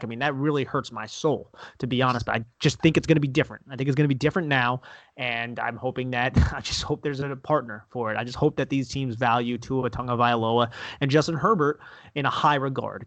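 A man co-hosting a sports podcast, chatting about football in a relaxed, conversational way, calling his partner man and bro. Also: mid-range voice, no room sound. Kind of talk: casual sports chat.

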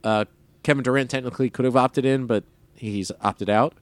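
A man's voice: medium pitch, fairly even intonation, brisk, no echo. A man co-hosting a basketball podcast in casual chat, rambling with many fillers and a wry tone. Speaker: podcast co-host.

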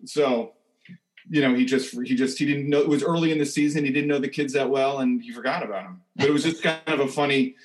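A man's voice: mid-range voice, quick pace, rough recording. A man as a guest author on a podcast, rambling and restarting his sentences. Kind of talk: casual interview chat.

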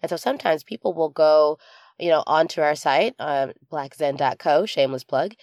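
Woman cohost, pretty low voice, chatty and thoughtful, laughs a lot, dry close sound. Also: moderate pace, darkish tone, no room sound. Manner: laughs often, thoughtful, restarts sentences. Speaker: podcast co-host. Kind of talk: casual chat.

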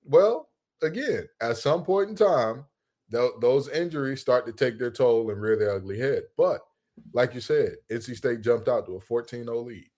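A man co-hosting a casual sports podcast, joking and trash-talking in an animated, playful way. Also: medium pitch, normal speed. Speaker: podcast co-host.

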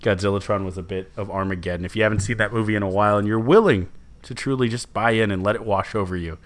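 A young man, co-hosting a podcast in casual, rambling, animated chat. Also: fairly low pitch, quick pace. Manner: rambling, self-correcting and animated. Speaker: podcast co-host.

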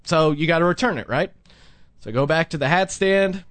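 A young man with a high voice tells a story on his podcast, chatty and animated, slipping into the voices of the people he quotes. The sound is close and dry, with no room around it. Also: a little fast, no echo. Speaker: podcast host. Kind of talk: casual storytelling chat.

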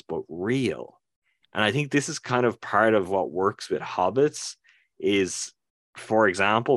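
Low-voiced man musing casually, dry sound. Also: fairly bright tone, no room sound. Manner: rambling, many fillers and restarts. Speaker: podcast co-host. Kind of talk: casual discussion.

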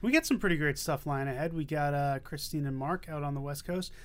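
A man's voice: on the high side, expressive, brisk, a bit bright, clean tone. A man hosting a podcast, chatting playfully and cracking jokes. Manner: playful, jokey interjections. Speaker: podcast host. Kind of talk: casual chat.

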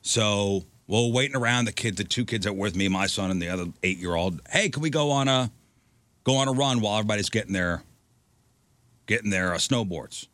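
A man's voice: lowish voice, brisk, no room sound. A man telling a story in casual chat on a podcast, acting out the lines he quotes. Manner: animated storyteller, acts out quotes. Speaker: podcast co-host.

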